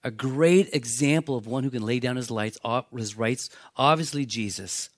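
A man preaching a sermon, telling Bible stories in a lively way and acting out the characters' lines. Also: medium pitch, moderate pace, dry recording. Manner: animated storytelling, acts out voices of biblical characters. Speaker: pastor.

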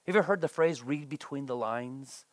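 A pastor preaching a sermon in an animated way, often repeating words and briefly acting out the people quoted. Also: mid-range voice, a little fast, no echo.

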